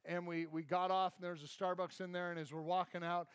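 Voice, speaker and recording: A man's voice: high voice, flat delivery, fast, clear, resonant tone, no room sound. A man preaching a sermon as a pastor, telling a self-deprecating story and acting out the people in it. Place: church.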